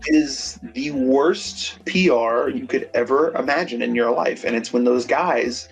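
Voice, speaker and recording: A man's voice: medium pitch, measured pace, vocal fry, low-quality recording. A man co-hosting a podcast in casual chat, rambling and swearing freely. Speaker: podcast co-host.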